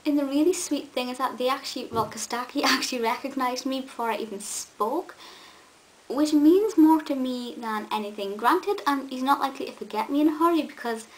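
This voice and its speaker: A woman's voice: high-pitched, fast talker, few pauses, a bit bright, low-quality recording. A young woman, chatting eagerly to camera in a vlog, with many ums and restarts. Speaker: vlogger. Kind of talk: casual chat to camera. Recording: faint hiss.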